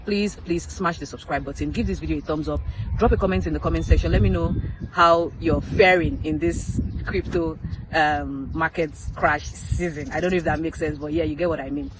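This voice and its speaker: A woman's voice: deep voice, moderate pace, background noise. A woman talking casually to her viewers in a vlog, chatty and emphatic, repeating her points and dropping playful asides, in a public place. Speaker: crypto vlogger.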